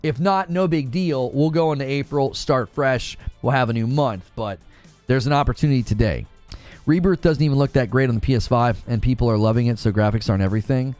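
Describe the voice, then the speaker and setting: Over soft background music, a medium-pitched man speaks fairly quickly while hosting a live gaming news stream. He chats casually, reads out chat messages, and excitedly thanks people who donate.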